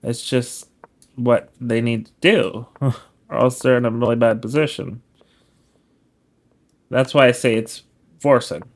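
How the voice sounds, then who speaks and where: Slow, laid-back man explaining chess. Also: medium pitch. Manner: laid-back, explains as he goes, self-correcting. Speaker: chess streamer. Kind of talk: casual chess study commentary.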